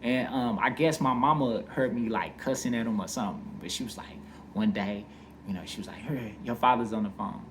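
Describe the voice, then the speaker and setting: A man's voice: medium pitch, brisk, noisy background. A man casually telling a personal story, candid and profane, full of "you know what I mean.".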